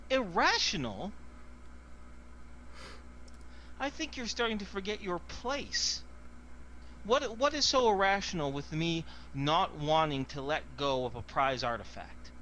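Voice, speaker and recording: Man doing a high-strung panicky officer. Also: steady tone, normal speed, sharp tone, slight background noise, natural voice, poor audio. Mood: indignant. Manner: high, strained, defensive. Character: paranoid male crew officer, grasping, panicky.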